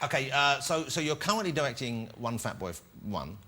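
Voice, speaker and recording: A man's voice: mid-range voice, very animated, fairly quick, sharp tone, some chatter behind, a little hiss or hum. A man hosting a TV chat show, teasing his guests and laughing often. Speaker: talk show host. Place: TV studio with audience.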